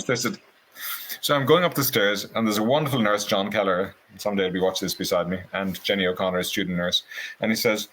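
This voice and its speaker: A man telling a personal story in a casual conversation, earnest and animated, slipping into quoted voices now and then. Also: low voice, a little fast, poor audio.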